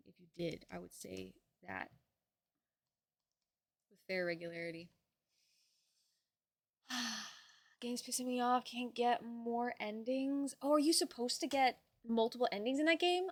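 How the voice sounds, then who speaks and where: A young woman streamer chatting casually with her viewers, bubbly and quick to swear. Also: mid-range voice, no echo.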